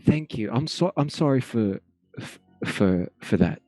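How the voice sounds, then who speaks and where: A man's voice: medium pitch, animated, a little slow, mellow, no room sound, faint music behind. A young man playing his character in a tabletop game, flustered and stammering, earnest. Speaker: player. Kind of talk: in-character tabletop role-play.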